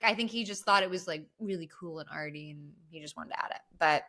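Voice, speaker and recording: Woman podcast host, bright tone, animated casual film recap with the odd curse. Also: deep voice, fast. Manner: animated storyteller, swears casually. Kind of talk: casual movie recap chat.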